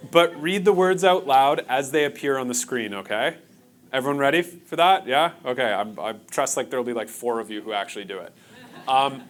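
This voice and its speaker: A man presenting a workshop to a live audience in a conference room, talking casually and joking with the crowd. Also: mid-range voice. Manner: casual, engaging, jokes with the audience.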